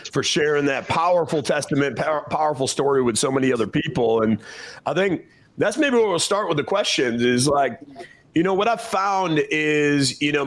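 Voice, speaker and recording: A man hosts an interview, effusive in his thanks and praise. He circles around his question and rephrases it more than once before landing it, in a voice pitched a little higher than most men's. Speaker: host.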